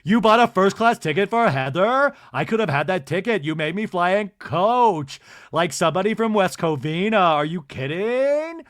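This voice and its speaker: Man putting on a brash reality-show woman, high, loud, outraged, shrill. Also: expressive, normal speed, no room sound, clean studio sound.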